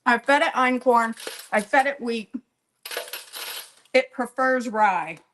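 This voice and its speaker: A woman's voice: a little high, slow, fairly bright tone, a little hiss or hum, rough recording. A woman chatting casually to live viewers while she bakes, rambling and poking fun at herself. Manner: rambling, self-deprecating, chatty while working; talks to viewers by name, laughs often. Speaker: home baker. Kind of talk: casual live-stream baking chat.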